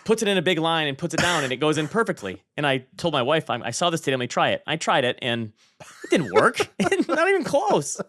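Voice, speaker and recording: A man co-hosting a podcast, telling stories in animated, chatty banter. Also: on the high side, fast talker, dry recording, studio quality. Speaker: podcast co-host. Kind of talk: casual chat.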